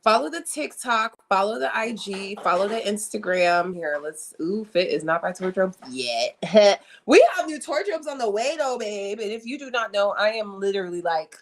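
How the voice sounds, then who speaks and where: A woman's voice: medium pitch, animated, moderate pace. A young woman chatting frankly and animatedly to viewers on a livestream, often repeating herself for emphasis. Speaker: livestream host. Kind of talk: casual livestream chat. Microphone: streaming setup.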